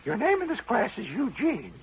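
A woman's voice: a little high, wildly swooping pitch, moderate pace, breathy edge, lo-fi sound, voice pushed up, exaggerated voice. A male radio storyteller voicing a strict, stern female first-grade teacher who scolds and insists on her rules.

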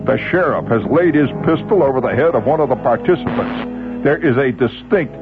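A man's voice: medium pitch, animated, moderate pace, narrow, tinny audio, over music. A man telling a first-person story in a wry, vivid way.

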